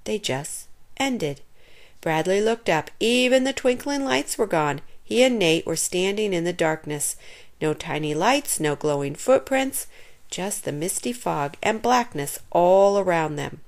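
A woman reading a children's chapter book aloud in an expressive storytelling manner. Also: on the low side, measured pace.

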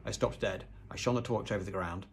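A man reading a children's book aloud, with hushed, suspenseful narration and casual asides to show pictures. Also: lowish voice, fairly quick, vocal fry, a little hiss or hum. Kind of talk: storybook read-aloud narration.

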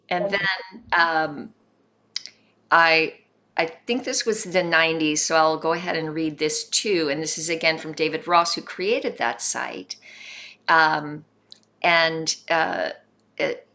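A woman hosting an online memorial gathering over a video call, reading tributes aloud in an unhurried way with soft trailing asides. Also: low-pitched. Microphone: video call microphone.

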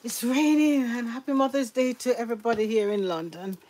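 A woman's voice: a little high, brisk, a little mellow. A woman with a Jamaican accent, chatting casually while she fries fish in her backyard garden. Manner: chatty, laughing, Jamaican patois phrasing. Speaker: cooking vlogger. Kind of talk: casual cooking vlog chat. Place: backyard garden under a shelter in the rain.

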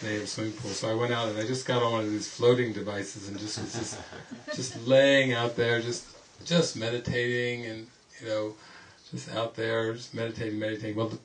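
Rambling male spiritual teacher telling stories. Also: mid-range voice. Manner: rambling, anecdotal, often laughing. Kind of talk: informal retreat teaching with stories. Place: indoor retreat gathering. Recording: distant mic with faint background noise.

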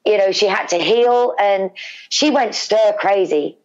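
As an interview guest, a middle-aged woman from England recounts an emotional family story at a measured pace, her voice mid-range and the audio dull. She animatedly repeats words and plays out her family's dialogue.

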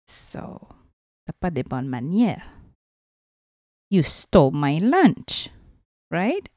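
Teacher lady reading a picture book real slow, keeps asking right? huh?, bouncy voice. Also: medium pitch, sing-song, darkish tone, dry recording, studio quality. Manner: questioning, coaxing, slips into asides.

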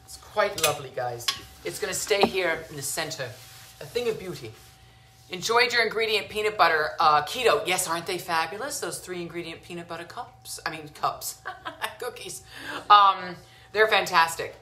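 A woman's voice: fairly low pitch, normal speed, bright, forceful tone, reverberant. A woman hosting a home cooking show, chatting casually and gushing, calling her viewers sweetheart and lovies. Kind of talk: casual cooking demo chat. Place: home kitchen.

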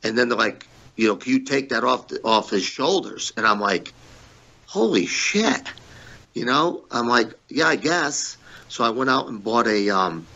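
A man's voice: lowish voice, moderate pace, few pauses, pushed and bright, lo-fi sound. Blunt, profane middle-aged man telling stories. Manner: blunt, profane, acts out both sides of old arguments. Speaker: former pro wrestler, interview guest. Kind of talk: shoot interview storytelling.

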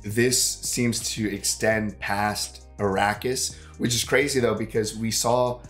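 A man's voice: lowish voice, steady tone, takes it slowly, a bit bright, soft background music. A man with a sick, congested voice chatting casually as a co-host of a movie reaction, rambling with lots of fillers and casual swearing. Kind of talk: casual chat.

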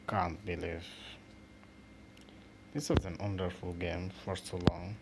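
A man hosting a mobile football game channel, giving casual, excitable commentary with swearing and halting restarts over his own play. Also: deep voice. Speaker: gaming channel host. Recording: noisy home recording.

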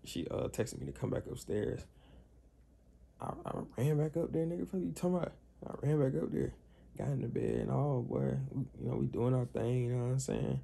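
Gravelly young man telling a wild story. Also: mid-range voice, a little fast. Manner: animated slangy storytelling, acts out quotes. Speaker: vlogger. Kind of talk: casual storytelling.

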